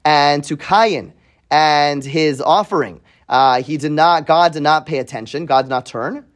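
Speaking a little slowly in a fairly high voice, this man is a Torah teacher running a weekly Bible class for students in a classroom. He reads out Hebrew verses, translates them, and poses questions, frequently adding "right?" and repeating words while thinking aloud.

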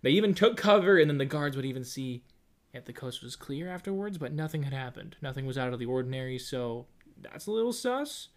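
Young adult co-host, casual chat, giggly and animated, reads from a script. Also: medium pitch, fairly quick. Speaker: podcast co-host.

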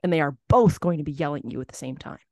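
Host, mid pitch, animated explainer who builds analogies, recorded dry. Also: very fast, no room sound. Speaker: podcast host. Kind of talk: casual conversation.

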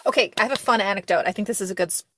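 A woman's voice: mid-range voice, racing, no echo. A young American woman hosts a casual podcast chat, rambling from one thought to the next and laughing as she goes. Her voice sits in an ordinary middle register and sounds close and dry, with no room around it. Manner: rambling, animated, laughs often, swears casually. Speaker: podcast host.

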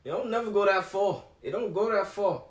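A man's voice: sits high, fairly quick, reverberant. A teenage boy answering his mother's questions in playful, hesitant casual chat. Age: teens. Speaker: interviewee, son.

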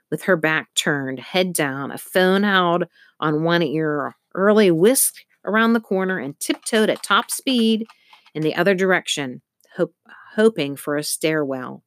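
Low-voiced woman reading a storybook. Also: a little slow, no echo. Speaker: narrator. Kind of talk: audiobook narration.

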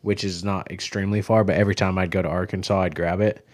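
A man's voice: sits low, little pitch movement, quick pace, dry recording, studio quality. A man from Kansas with a slight Kansas accent, a guest brewer chatting loosely on a podcast and swearing freely. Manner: loose, swears freely, jumps between thoughts. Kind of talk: casual podcast chat.

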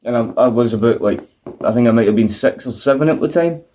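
A man's voice: mid-range voice, fast talker, slight background noise. A man in his thirties co-hosting a podcast, telling stories with lots of swearing. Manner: sweary, animated storytelling. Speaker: podcast co-host. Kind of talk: casual chat.

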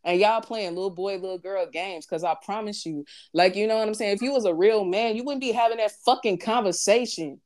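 A woman's voice: mid-range voice, brisk, hardly any pauses, darkish tone. Woman w/ aave just chatting, blunt and cussing a lot, repeats herself for emphasis. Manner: blunt, profane, emphatic with heavy repetition. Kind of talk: casual chat.

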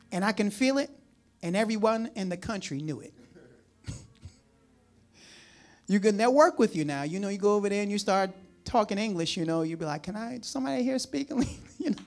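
A pastor with a New Jersey or New York accent preaches in a chatty, folksy style, dropping in frequent asides and chuckles. His voice is high.

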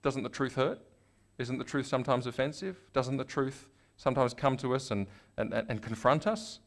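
An Australian man, a guest in an interview, telling stories in a lively conversational way and acting out the people he quotes. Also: medium pitch, moderate pace. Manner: animated storyteller, acts out quoted voices.

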